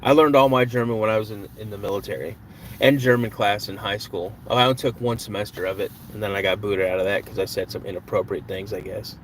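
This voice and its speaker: A man's voice: lowish voice, fairly even intonation, fast talker. Easygoing male host, live stream chat, friendly banter, faint background noise. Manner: chatty, greets viewers and jokes around. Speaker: podcast host.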